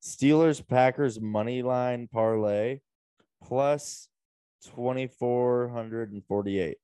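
A man's voice: mid-range voice, slow, dark tone, clear, resonant tone, no room sound. A man in a casual sports betting chat, hesitant and full of fillers, swearing casually. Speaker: podcast co-host.

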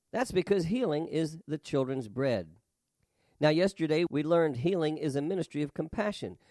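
A man preaching and reading scripture with an emphatic, rhythmic lift on key words. His voice sits a little high for a man. The sound is dry and close, with no room around it. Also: a little mellow, no room sound. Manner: emphatic, rhythmic delivery with rising stresses.

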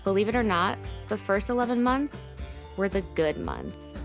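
A woman's voice: mid-range voice, wildly swooping pitch, moderate pace, creaky, soft background music. A woman hosting a podcast, telling a personal story in a candid, emotional way with frequent swearing.

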